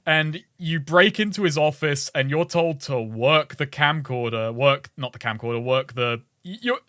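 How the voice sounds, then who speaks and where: High, bright-voiced swearing podcast man. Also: moderate pace, dry recording, clean studio sound. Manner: sweary, laughs often, rambling. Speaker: podcast co-host. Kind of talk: casual chat recapping a video game.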